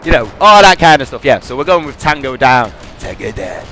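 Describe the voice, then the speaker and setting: A man's voice: on the high side, expressive, brisk, sharp tone, soft background music. A young man hosting a gaming podcast, rambling and trash-talking over his gameplay. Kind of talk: gameplay commentary with banter. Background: gunfire from the game.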